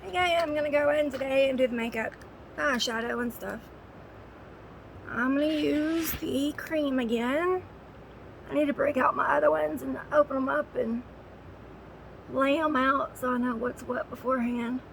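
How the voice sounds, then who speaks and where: Woman doing her makeup on the bed, high voice with some vocal fry, keeps hushing her dog, phone recording. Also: normal speed, slight background noise, rough recording. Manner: chatty, with quiet soothing asides to a dog. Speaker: makeup vlogger. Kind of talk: casual makeup tutorial chat. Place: indoors at home, sitting on a bed.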